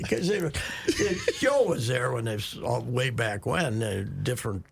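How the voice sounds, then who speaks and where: A man's voice: mid-range voice, lively intonation, measured pace, creaky, husky. An older man hosting a radio show, telling rambling sports newsroom stories and laughing often. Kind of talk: casual sports talk and storytelling. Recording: noisy studio recording.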